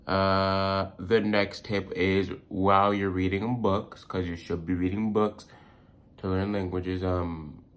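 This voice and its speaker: A young man from the United States talks casually to his viewers, his voice sitting very low. He rambles, restarts his sentences and leans on fillers as he shares tips. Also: flat delivery, slow pace. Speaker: language-learning YouTuber.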